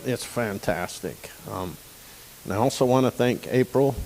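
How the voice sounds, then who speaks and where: An older man, a guide dog client, giving an emotional, folksy graduation speech with pauses and throat-clearing. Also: medium pitch, a little mellow, in a large hall, rough recording. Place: outdoor campus stage with audience.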